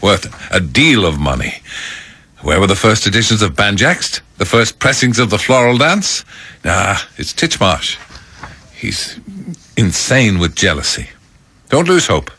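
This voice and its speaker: Deep-voiced wry radio presenter man. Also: big pitch swings, unhurried, bright, forceful tone, breathy edge. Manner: wry, self-mocking, rambling banter. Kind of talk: breakfast radio chat. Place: radio studio. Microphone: studio microphone.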